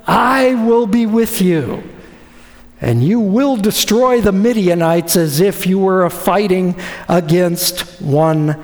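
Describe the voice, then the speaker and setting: High, lively male preacher in a hall. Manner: animated, acts out quoted voices. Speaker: pastor. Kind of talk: sermon. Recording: reverberant hall.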